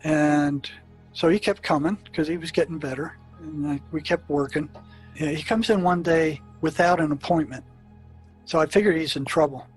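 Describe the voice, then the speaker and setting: A man's voice: fairly high pitch, moderate pace, husky, faint music behind, poor audio. An older man, a psychiatrist, telling stories from his work in an interview, with many fillers and restarts. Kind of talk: storytelling in an interview.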